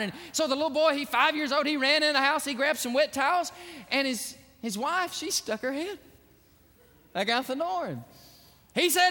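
A man's voice: very high-pitched, bright, forceful tone. A male pastor preaching a sermon, telling stories in a folksy way and laughing easily. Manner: folksy storytelling, quick to laugh. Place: church sanctuary. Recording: echoey church sanctuary.

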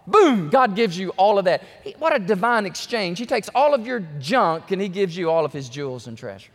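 A man, preaching a sermon with lively, folksy asides. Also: sits high, a little fast, hardly any pauses. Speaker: pastor. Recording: long hall reverb.

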